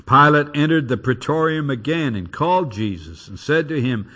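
A man's voice: mid-range voice, moderate pace, breathy edge. A man preaching an expository sermon, reading and explaining scripture with emphatic, dramatic delivery. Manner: lively, emphatic Bible reading with dramatic quotes.

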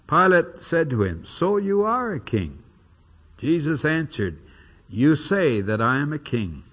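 A man preaching an expository sermon, reading and explaining scripture with emphatic, dramatic delivery. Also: mid-range voice. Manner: lively, emphatic Bible reading with dramatic quotes.

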